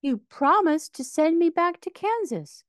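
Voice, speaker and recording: A woman reading aloud from a storybook, voicing an earnest, bold young girl in a high, eager voice. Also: lively intonation, measured pace, dry recording, studio quality.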